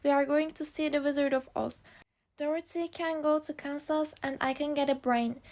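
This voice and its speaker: A friendly, hopeful straw scarecrow from a storybook, read by a woman. The voice is high and gravelly, and the lines come plainly and carefully. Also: fairly even intonation, moderate pace, darkish tone.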